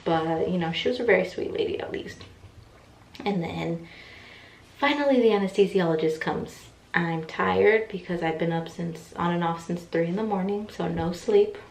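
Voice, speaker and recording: A young woman telling a personal story in a casual, animated way, acting out what people said. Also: on the low side, normal speed, creaky. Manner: chatty, animated retelling with quoted voices. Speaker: vlogger. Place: room at home, in pajamas. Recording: echoey room, mic set back.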